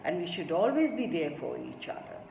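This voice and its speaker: A woman's voice: fairly low pitch, sing-song, fairly quick, creaky. A woman reading a story aloud to children, adding her own asides as she goes. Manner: warm, explanatory asides to children. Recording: echoey room with faint noise.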